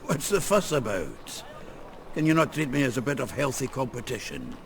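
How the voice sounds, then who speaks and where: An actor playing a cocky, gruff dwarf in a video game, talking with swagger. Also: male voice, mid-range voice, sing-song, normal speed, a little hiss or hum.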